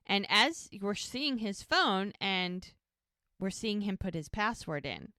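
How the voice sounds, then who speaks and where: A woman's voice: mid-range voice, unhurried, sharp tone, smooth, no room sound, clean studio sound. A woman co-hosting a podcast, recapping a TV episode casually and retelling scenes through quoted dialogue. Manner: retells scenes by quoting characters. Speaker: podcast co-host.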